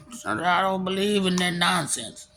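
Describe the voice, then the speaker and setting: A young man with a soft, slightly raised voice talks in a loose, rambling monologue, breaking into laughter and answering imaginary listeners. His tone is gravelly and his pitch swings widely. Faint noise hums under the recording. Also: expressive, unhurried. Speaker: vlogger.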